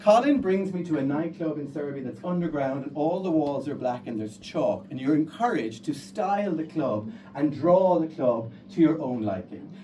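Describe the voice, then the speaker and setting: High-voiced Irish man telling a comic story. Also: distant mic, slight background noise, low-quality recording. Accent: Irish, County Kerry. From Ireland. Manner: lively, comic, animated. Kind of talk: live stage storytelling. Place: storytelling stage before an audience.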